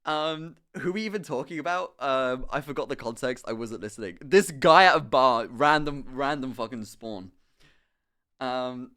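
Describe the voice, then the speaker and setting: A young man telling a story casually on a live stream, animated and quick to laugh, swearing freely. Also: a little high.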